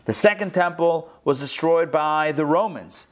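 Animated rabbi teaching a class. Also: male voice, fairly high pitch, unhurried. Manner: animated, rhetorical questions to the class. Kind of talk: interactive lesson.

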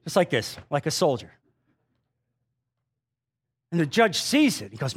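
A man preaching a sermon in a confessional storytelling manner, swinging between loud emphasis and hushed asides. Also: on the high side, very animated, a little slow, long pauses, husky.

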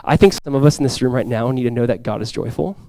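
A pastor speaks with passion to his congregation in the church sanctuary, his voice rising loud on quoted cries before falling quiet again. He is medium-pitched and quick, with no room sound.

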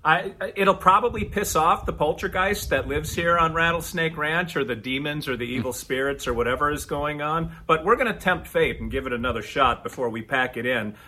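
A man co-hosting a podcast, telling stories in a casual, animated chat with quick asides. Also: on the high side, a little hiss or hum. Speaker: podcast co-host.

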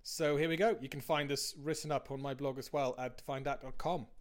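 A man's voice: medium pitch, steady tone, fairly quick. A man who is a dad, reading his own blog post aloud in a candid, conversational way.

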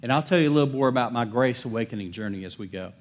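A man's voice: medium pitch, expressive, racing. Emphatic man preaching a sermon. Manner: emphatic, calls for congregation responses; swings between loud declarations and soft hushed lines. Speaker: pastor. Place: church service.

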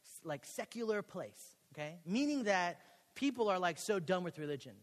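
A young man from Texas, a pastor preaching a sermon in a college chapel, telling a story and acting out the dialogue with lively, casual energy. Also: sits high, moderate pace. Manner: animated storytelling, acts out quoted dialogue. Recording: long hall reverb.

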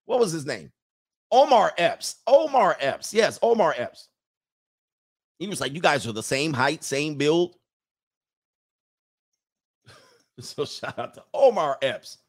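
A man hosting a livestream in casual chat, reading viewer comments aloud, rambling and chuckling as he loses his train of thought. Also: fairly high pitch.

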